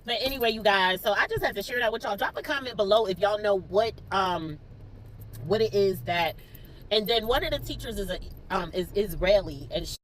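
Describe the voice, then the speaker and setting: A woman's voice: mid-range voice, fairly quick, slight background noise, rough recording. A young woman with a Philadelphia accent, a teacher telling an emotional story to her viewers, close to tears and talking straight to them. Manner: tearful, expressive, talks straight to viewers. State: near tears. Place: in a car.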